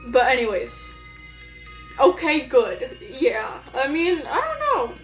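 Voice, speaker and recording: A woman's voice: high-pitched, huge pitch swings, takes it slowly, echoey room, soft background music, low-quality recording. A woman streamer chatting casually and rambling, with lots of fillers and restarts. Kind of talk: casual live-stream chat.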